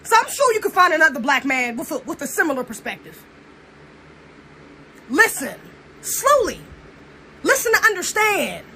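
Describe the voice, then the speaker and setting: High, animated, blunt young woman. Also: normal speed, pauses often, a little hiss or hum. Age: young adult. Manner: blunt, preachy, profane. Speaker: commentator. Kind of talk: casual monologue.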